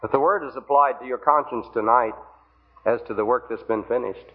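A man's voice: medium pitch, fairly quick. Man, preacher, evangelistic sermon, earnest pleading, rhetorical questions, tinny old recording.

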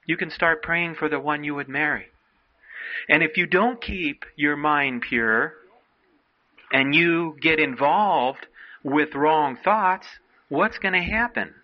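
A man's voice: on the high side, dull audio. A man preaching a sermon to young people, earnestly exhorting and quoting old-fashioned scripture. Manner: earnest exhorting, quotes King James scripture.

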